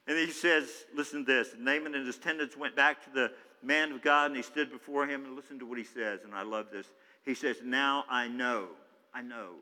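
A man preaching a sermon, animated, swinging between loud excited bursts and hushed asides, acting out the Bible characters in his own voice. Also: mid-range voice, moderate pace. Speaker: pastor. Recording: long reverb of a large hall.

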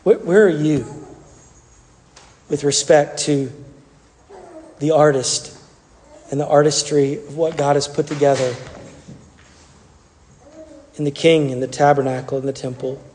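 A male pastor giving a sermon in an animated way, often repeating words and restarting phrases. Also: fairly high pitch, a little slow, pauses often, slight background noise. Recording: long reverb from a large hall.

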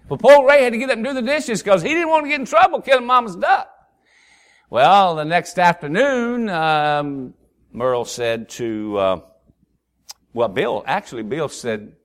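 Lively folksy preacher man. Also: medium pitch, unhurried. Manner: folksy storyteller, acts out voices, lively. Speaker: pastor. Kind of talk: sermon with a humorous story.

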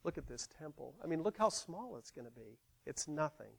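A man acting out grieving old Israelites in a soft, mournful voice during a sermon. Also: a little high, big pitch swings, fairly quick, vocal fry, full character voice, rough recording.

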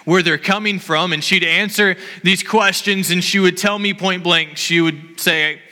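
A man in his thirties gives an impassioned sermon in a high, sharply bright voice. His earnest words carry a long reverb through a church hall. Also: steady tone, a little slow. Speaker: pastor.

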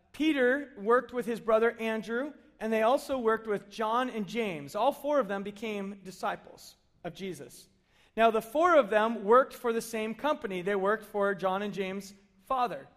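A man with a bright, high-pitched voice gives a relaxed sermon that feels like storytelling. He is middle-aged and animated, often slipping into playful acted asides as he talks. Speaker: pastor.

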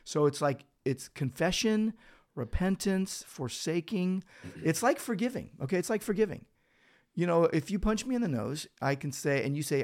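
A man's voice: fairly high pitch, normal speed. A man who is a pastor, talking through Bible verses in a casual podcast discussion and acting out little scenes as he explains. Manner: animated storytelling, acts out quoted speech.

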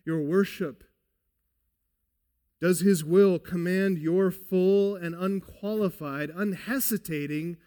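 A man delivers a sermon in a slow, deliberate cadence. His voice sits a little high for a man, and he presses his points home with earnest, emphatic questions. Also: a little mellow, big-room sound. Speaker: pastor.

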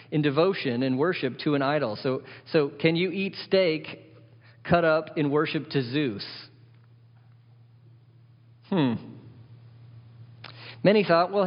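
A man preaching a sermon, his voice carrying a long echo through a large church hall. The sound is a little dull and muffled. He talks conversationally, tosses out rhetorical questions and hammers on repeated words. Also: medium pitch. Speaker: pastor.

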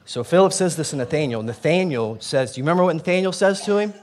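A man preaching a sermon in a conversational, animated way, often restarting his sentences and stepping aside to explain. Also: on the high side, quick pace, slight background noise. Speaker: pastor.

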